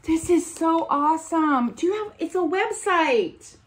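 A woman's voice: very high-pitched, lively intonation, measured pace. A woman vlogging as she opens gifts, gushing and gasping with delight. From United States. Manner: gushing, gasping, breathy exclamations. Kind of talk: casual unboxing chat.

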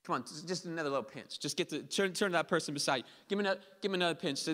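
A man's voice: fairly high pitch, very fast, few pauses, pushed and bright. A man preaching a sermon as pastor, passionate and building to emphatic peaks, acting out quoted speech. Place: church hall. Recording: reverberant hall.

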